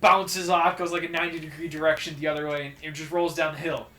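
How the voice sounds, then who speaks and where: A man's voice: a little high, fast. Rambling young man telling a story. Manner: rambling storyteller, animated when acting out shouts. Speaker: let's play co-host. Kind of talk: casual gaming chat. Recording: roomy echo with faint game music.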